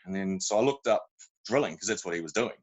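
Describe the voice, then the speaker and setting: A man's voice: low voice, animated, fast talker, breathy edge, low-quality recording. A man with a New Zealand accent, a podcast guest telling long rambling stories in a casual, slangy way. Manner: rambling, self-interrupting anecdotes with colloquial slang. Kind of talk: casual storytelling chat.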